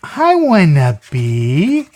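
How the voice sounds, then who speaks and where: A storyteller voicing a restless young male bunny who keeps wanting to be a different animal, stretching out and shouting the name of each new animal. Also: medium pitch, wildly swooping pitch, exaggerated voice. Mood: whiny, wishful. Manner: drawn-out, rising shouts on the final animal name.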